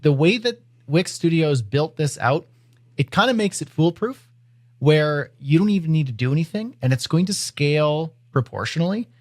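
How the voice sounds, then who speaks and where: A man co-hosting a podcast, talking in a relaxed, easygoing way with the odd "uh". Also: fairly high pitch, moderate pace, dry recording. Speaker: podcast co-host. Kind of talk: casual podcast chat.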